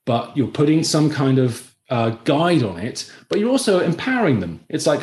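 A man, a filmmaker talking casually as a podcast guest, telling stories with lively energy. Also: fairly high pitch, moderate pace, few pauses. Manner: animated storyteller, acts out quoted voices. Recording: roomy echoey room.

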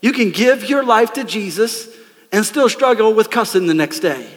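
A man preaching a lively, conversational sermon from a church stage, calling out to the congregation. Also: high voice, normal speed, big-room sound. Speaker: pastor. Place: church sanctuary.

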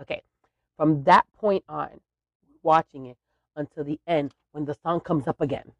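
A woman's voice: deep voice, normal speed, no echo, dull audio. A woman hosting a podcast who chattily tells a funny story about her family. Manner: chatty, animated, laughs at her own story. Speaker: podcast host. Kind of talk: casual storytelling.

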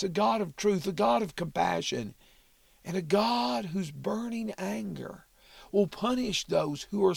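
A man with a high, gravelly voice hosts a Bible study podcast. He talks slowly and steadily, reading verses and explaining them in a measured, reflective way. The recording is dry and close, with almost no room sound. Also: no echo. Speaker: podcast host teaching the Bible.

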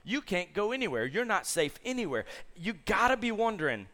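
With few pauses and a brisk delivery, a youth pastor with a fairly high voice preaches to young people. He relates the story lively and casually while questioning the audience.

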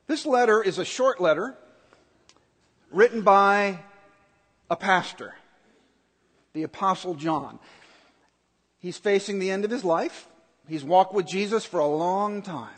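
A man with a rather high voice preaches at an unhurried pace. He delivers a sermon in an earnest, emphatic manner, circling back to repeat his key points, while his voice rings out with a long reverb like a large church hall. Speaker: pastor.

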